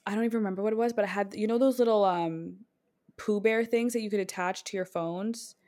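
A woman's voice: mid-range voice, fairly even intonation, brisk, mellow. Chatty young woman telling a story. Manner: chatty storytelling, laughs often, speeds up in bursts. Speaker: podcast co-host. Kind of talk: casual chat.

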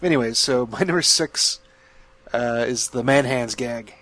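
A man's voice: mid-range voice, a little slow, a bit bright. A man co-hosting a casual chat, hesitant and searching for words. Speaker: podcast co-host.

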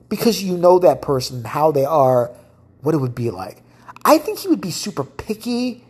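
Female podcaster with a deep, husky voice; profane, blunt solo rant that swings up and down in pitch. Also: wildly swooping pitch, a little fast, darkish tone. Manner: profane, blunt, ranting with frequent restarts. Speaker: podcast host.

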